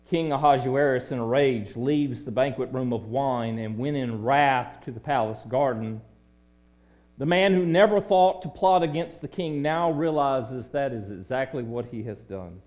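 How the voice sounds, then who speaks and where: A man preaching a sermon in a dramatic way, dropping to a hush and then rising to loud declaiming. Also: medium pitch, a little slow.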